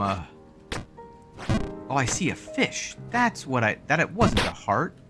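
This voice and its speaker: Male streamer, lively self-mocking play-by-play, music clear underneath. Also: medium pitch. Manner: joking, self-mocking, quick exclamations. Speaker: game streamer. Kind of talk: live gameplay commentary. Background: game music.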